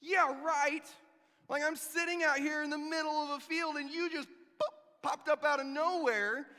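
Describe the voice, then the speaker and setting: A pastor preaching a sermon, telling the story with animated jokes and sarcastic asides. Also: male voice, very high-pitched, a little slow. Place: church. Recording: long reverb of a church hall.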